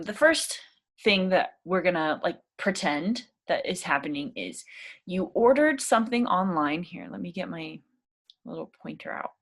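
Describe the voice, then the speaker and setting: A young woman teaching a casual English speaking lesson, chatty and encouraging, with plenty of fillers. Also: mid-range voice.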